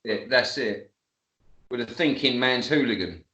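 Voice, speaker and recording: A man's voice: mid-range voice, measured pace, pushed and bright, roomy sound. A man, telling a story as a guest in casual chat, laughing often and swearing freely.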